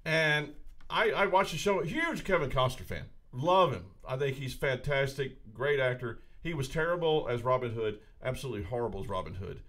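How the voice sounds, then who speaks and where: A man's voice: mid-range voice, animated, normal speed, fairly bright tone. A man co-hosting a podcast in a studio, chatting casually with friends, joking, rambling and opinionated. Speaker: podcast co-host. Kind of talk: casual chat.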